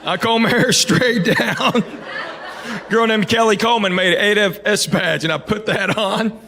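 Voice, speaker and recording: A man's voice: high voice, moderate pace, pushed and bright. A middle-aged man performing a stand-up comedy routine, telling stories in a drawling, conversational way with asides to the crowd. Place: comedy club stage with a live audience. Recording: live club recording with audience noise.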